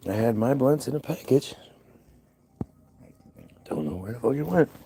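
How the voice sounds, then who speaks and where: Slow-talking man rambling outdoors. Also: mid-range voice, expressive, vocal fry, mellow. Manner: profane, stammering, repeats himself. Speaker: vlogger. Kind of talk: casual rambling monologue. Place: outdoors in freezing weather.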